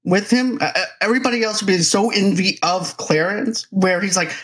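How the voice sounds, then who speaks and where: A man's voice: high-pitched, brisk, hardly any pauses, a bit bright. Chatty man reviewing a movie. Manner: chatty, acts out quoted reactions. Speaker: podcast host. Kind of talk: casual movie review chat.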